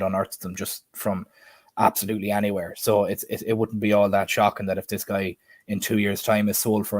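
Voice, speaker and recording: A man's voice: lowish voice, dry recording, clean studio sound. A man hosting a casual football chat stream, chatty and quizzing his co-host, with frequent restarts. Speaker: podcast host.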